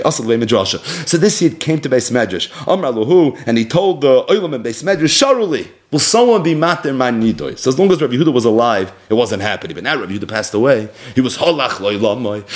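Man teaching Talmud, lively and conversational. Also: medium pitch. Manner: lively, conversational, chants Aramaic then paraphrases. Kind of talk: Talmud class, translating and explaining.

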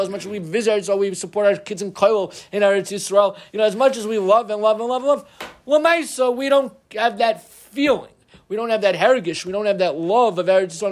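A middle-aged man teaching an informal Torah class, animated, with humorous asides and frequent restarts. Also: high voice.

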